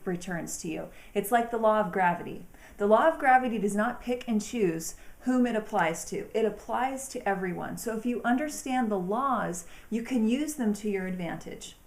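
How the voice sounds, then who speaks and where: A woman hosting an inspirational talk, speaking in an earnest, encouraging way with slow, emphatic phrasing. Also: medium pitch, reverberant. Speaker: host.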